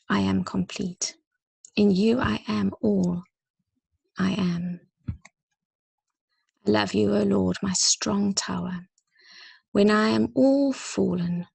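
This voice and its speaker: A woman leading a church gathering, reading a prayer poem aloud in a soft, slow and reflective way that often drops close to a whisper. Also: mid-range voice, vocal fry, breathy edge, dry recording. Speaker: church leader.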